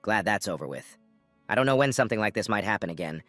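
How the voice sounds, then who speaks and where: Brief: deadpan young male hunter man voicing; quiet, flat muttering; soft music. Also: on the low side, rapid-fire, no echo. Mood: relieved. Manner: calm, muttering to himself.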